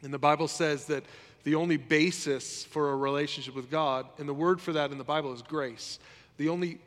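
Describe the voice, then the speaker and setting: A man's voice: fairly high pitch, fairly bright tone. A man preaching a sermon as a pastor, in a conversational way that often repeats phrases. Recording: long hall reverb.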